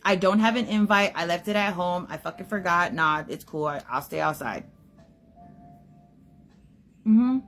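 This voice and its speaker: A woman's voice: lowish voice, a little slow, pauses often, fairly bright tone. Podcast host, young woman, blunt profane rant, faint music bed. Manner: blunt, emphatic, heavy swearing.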